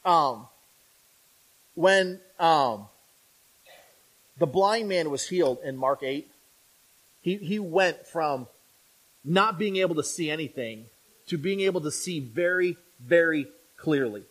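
High-voiced man preaching a lively sermon. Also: slow, long pauses. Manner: conversational, with frequent "right?" tags to the congregation; animated, acting out imagined speakers.

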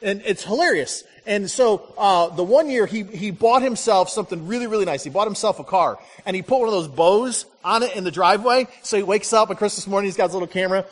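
A middle-aged man preaching a sermon as a pastor, telling stories with lively ups and downs and driving home short repeated lines. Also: high voice, quick pace, hardly any pauses, big-room sound. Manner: animated storytelling with punchy repeated lines.

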